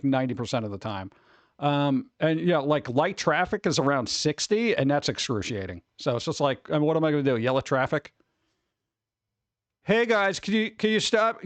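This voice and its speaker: A man's voice: mid-range voice, no room sound. Rambling New man streaming. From New York. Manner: rambling, restarts, mimics people in quotes. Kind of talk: casual chat with viewers.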